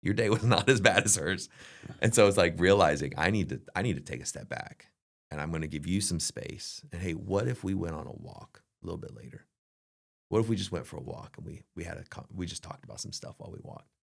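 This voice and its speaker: A man's voice: low voice, expressive, fast talker, gravelly. A middle-aged man in casual conversation, earnestly giving advice and acting out family exchanges. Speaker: podcast co-host. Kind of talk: casual leadership chat.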